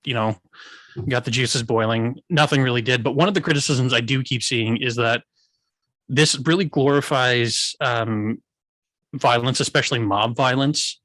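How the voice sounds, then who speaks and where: Measured man analysing a film, dry sound. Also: medium pitch, fairly bright tone, dry recording. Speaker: film review show host. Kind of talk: casual film review chat.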